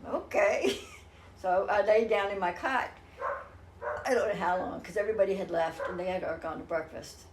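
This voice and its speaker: A woman's voice: mid-range voice, normal speed, background noise. An older woman speaking as an interview guest, telling a personal story in an earnest, rambling way with many restarts. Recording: roomy echo.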